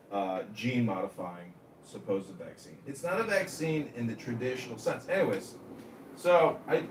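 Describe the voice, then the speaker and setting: A man hosting a livestream chat as a mayoral candidate, talking in a crude, rambling, mocking way. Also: mid-range voice. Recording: echoey room, distant mic, faint noise.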